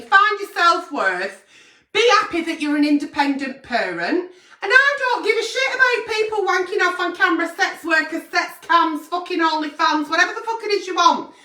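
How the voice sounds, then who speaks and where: A woman's voice: sits high, bright, forceful tone, far from the mic. A woman hosting a late-night agony aunt show, blunt and brash and swearing constantly as she gives advice. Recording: echoey room, away from mic.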